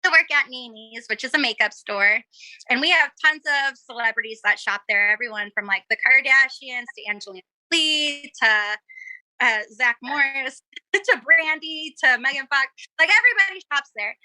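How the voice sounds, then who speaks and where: A young woman with a high, very bright voice chats as a podcast guest. She is bubbly and giggly and acts out the lines of people in her stories. The sound is close and dry. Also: expressive, normal speed, dry recording, low-quality recording. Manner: bubbly, giggly storyteller acting out quotes. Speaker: cosplayer guest. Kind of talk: casual podcast chat.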